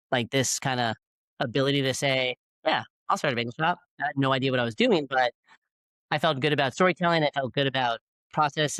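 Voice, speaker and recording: In a university classroom, a bagel shop founder in his forties tells stories to business students in a chatty, rambling way, full of fillers and restarts. His voice is medium-pitched and fairly bright, and the recording is dry and rough.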